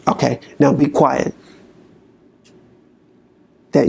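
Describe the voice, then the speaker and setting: Slow gravelly man leading an exercise. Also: medium pitch, completely flat delivery, dark tone. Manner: slow, coaching delivery with long pauses. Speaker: motivational speaker. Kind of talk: guided motivational exercise.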